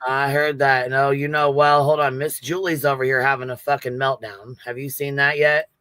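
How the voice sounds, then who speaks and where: A man hosting a livestream with a bright, forceful voice and blunt, profanity-heavy talk. The sound is dry and close, with no room around it. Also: mid-range voice, level tone, moderate pace, clean tone, dry recording. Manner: blunt, swears constantly. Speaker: livestream host. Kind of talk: profane casual commentary.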